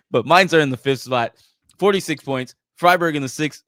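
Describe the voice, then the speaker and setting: A man's voice: medium pitch, big pitch swings, normal speed, a bit bright, no echo, studio quality. An American man co-hosting a soccer podcast, jokey and giggly, often tripping over his words. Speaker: podcast co-host. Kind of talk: casual soccer podcast chat.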